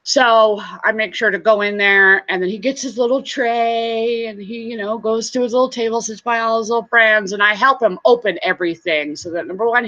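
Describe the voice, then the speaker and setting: A fairly high-pitched woman with a bright, forceful tone hosts a laid-back live stream. She greets viewers individually by name and chats with plenty of laughter. She's also a reseller, and the lo-fi audio comes across a bit dull.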